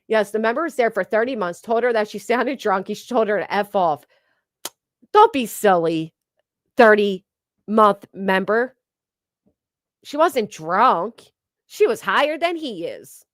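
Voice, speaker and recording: A woman's voice: mid-range voice, lively intonation, measured pace, long pauses, no room sound, studio quality. A woman streamer giving blunt, sarcastic, profane gossip commentary while reading her chat, on a desk microphone. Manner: blunt, sarcastic, heavy cursing. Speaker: livestream commentator. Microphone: streaming desk mic.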